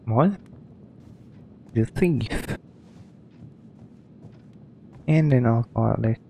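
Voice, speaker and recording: Creaky-voiced man doing game commentary. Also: mid-range voice, slow pace, warm tone, a little hiss or hum. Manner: rambling, hesitant, lots of um and like. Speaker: gaming streamer. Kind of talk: casual let's-play commentary.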